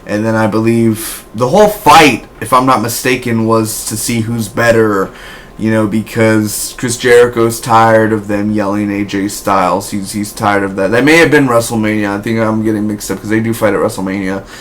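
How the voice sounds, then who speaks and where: A man's voice: steady tone, normal speed, slight background noise. A young man giving a casual, rambling spoken review, with frequent restarts and fillers. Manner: rambling, restarts often, bursts into loud high woo shouts. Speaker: wrestling reviewer.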